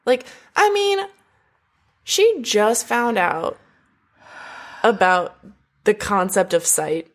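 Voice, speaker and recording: A woman's voice: medium pitch, slow pace, long pauses. A woman casually retelling an opera plot in a chat, acting out the characters' lines as she goes, with lots of "like". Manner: animated storytelling, acts out characters' quotes, frequent "like". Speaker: podcast co-host recapping an opera.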